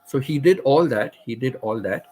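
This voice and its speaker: A man's voice: medium pitch, expressive, moderate pace, mellow, low-quality recording. A middle-aged man, casually telling a personal story as a channel host, rambling and repeating phrases. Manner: rambling, repeats phrases, laughs at his own stories.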